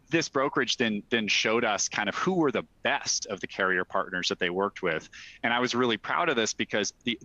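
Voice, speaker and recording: A man presenting a software product demo in a webinar, walking through features in a brisk, salesy way with frequent fillers. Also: on the low side, no room sound, highs cut off.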